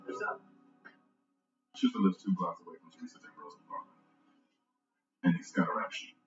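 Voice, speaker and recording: A blunt, low-voiced cop. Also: male voice, wildly swooping pitch, brisk, over music. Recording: roomy, dull TV audio from far off.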